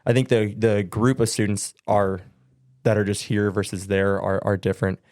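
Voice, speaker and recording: A man's voice: fairly low pitch, flat delivery, moderate pace, a little mellow, no room sound, clean studio sound. A young man from Southern California, a student pastor, chatting as a podcast guest in an easygoing, rambling way with lots of fillers. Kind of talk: casual podcast guest chat.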